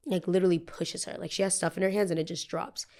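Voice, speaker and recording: A woman's voice: on the low side, fast. Heated young woman telling a story. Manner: heated, animated, profane, acts out quotes. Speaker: podcast host. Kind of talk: casual storytelling rant.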